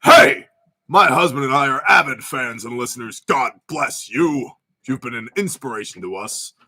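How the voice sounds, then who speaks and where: A man's voice: medium pitch, animated, moderate pace, pushed and bright, slightly rough. A man voicing a polite, devout woman fan who gushes over the show. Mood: gushing.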